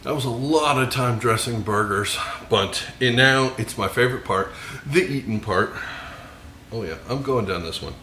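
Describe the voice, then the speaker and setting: A man's voice: medium pitch, normal speed, sharp tone, echoey room, a little hiss or hum. A man hosting a home cooking video, joking and enthusing as he dresses and tastes burgers. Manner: jokey, enthusiastic, savoring food with murmured mms. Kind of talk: casual cooking vlog with tasting. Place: home kitchen.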